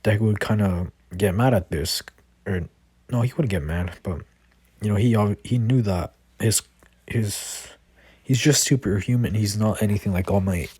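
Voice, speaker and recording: A man's voice: lowish voice, moderate pace, a little mellow, husky, dry recording. A man casually improvising a fan-made story, rambling with lots of fillers and restarts.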